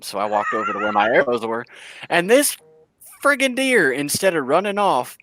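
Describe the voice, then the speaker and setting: A man, telling hunting stories in a casual, animated chat, laughing and acting out quotes. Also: medium pitch, normal speed. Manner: animated, laughing storyteller who acts out quotes. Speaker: bowhunter guest.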